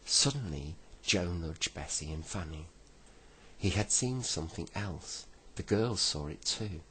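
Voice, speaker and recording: A man reads a bedtime story in a deep, unhurried voice. He reads gently and now and then stops to correct himself. A faint hush of ambience sits behind him. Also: slight background noise, rough recording. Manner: gentle reading with self-corrections.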